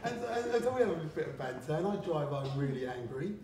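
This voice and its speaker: A man's voice: fairly high pitch, big pitch swings, fast talker, a crowd in the background. A man from England in casual gallery talk, rambling, swearing and laughing as he tells stories. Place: art gallery, indoors. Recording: very echoey room, mic far off, faint background noise.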